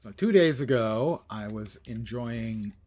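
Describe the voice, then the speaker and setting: A man's voice: medium pitch, expressive, slow, a little mellow. A tired, yawning man streaming a game, chatting casually with wry, rambling asides. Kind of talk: casual live-stream chat while gaming.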